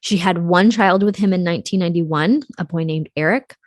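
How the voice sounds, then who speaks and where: Young woman podcast host, lowish voice, casual true crime narration, swears, mutters off at the ends of thoughts, dry close mic. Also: brisk, dry recording.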